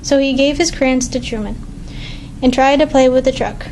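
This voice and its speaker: Storybook reader: woman, high voice, clear and measured, faint hiss behind. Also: darkish tone, poor audio. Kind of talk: reading a picture book aloud.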